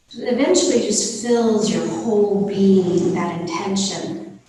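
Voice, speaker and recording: A woman teaching a gentle yoga class, giving slow, calm, soothing cues over a live video call. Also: mid-range voice, a little hiss or hum. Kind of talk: guided yoga class instruction. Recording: roomy echo from far off the mic.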